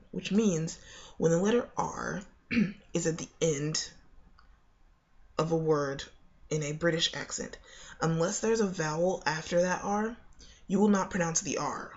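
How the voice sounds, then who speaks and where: Chatty young woman with a gravelly voice. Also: on the low side, lo-fi sound. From United States. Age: young adult. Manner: chatty, explains with many fillers and restarts. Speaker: accent coach. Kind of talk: casual video lesson.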